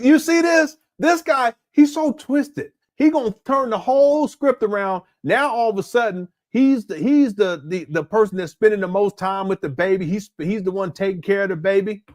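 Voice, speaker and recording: A man's voice: high voice, animated, normal speed, hardly any pauses. A man hosting a reaction commentary, incredulous and indignant, laughing often. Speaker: commentary channel host.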